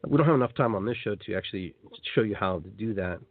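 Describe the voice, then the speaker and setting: A man's voice: fairly low pitch, lively intonation, quick pace. A man hosting a live call-in radio show, chatting with enthusiasm and guiding listeners through a meditation, with lots of repeats and restarts. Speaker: radio show host and shamanic guide. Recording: tinny phone-line sound.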